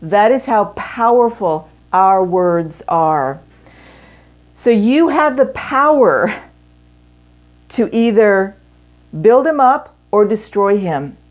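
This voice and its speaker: A middle-aged woman giving an earnest teaching talk to women in a marriage seminar, speaking in measured phrases with pauses. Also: mid-range voice, expressive.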